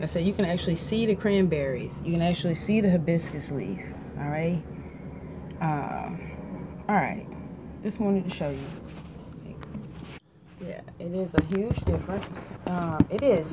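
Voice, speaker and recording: A woman vlogging in a casual, animated and profane way, joking as she compares tea bags to camera. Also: on the low side, unhurried, pauses often, noisy background. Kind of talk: casual chat.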